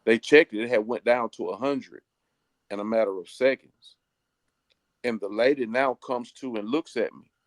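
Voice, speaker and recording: A middle-aged man, a pastor, tells his life story with earnest feeling, slowing down to let the key moments land. His voice sits at an ordinary middle pitch, and the recording is dry and close, with no room sound. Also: dry recording. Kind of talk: personal testimony in an interview.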